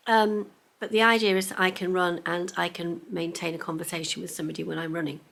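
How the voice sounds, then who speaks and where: A middle-aged woman, talking casually to camera at home in a vlog, chatty and excitable and often dropping into a whisper. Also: on the low side, fast talker, vocal fry. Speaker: vlogger. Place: home, indoors.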